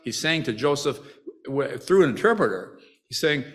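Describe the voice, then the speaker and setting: A man delivering a sermon like he's chatting with the congregation. He often restarts his sentences and breaks off into asides. His voice sits at an everyday middle pitch. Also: lively intonation, normal speed, a bit bright. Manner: conversational, with frequent restarts and asides; acts out the brothers' quoted lines with rising emotion. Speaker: preacher.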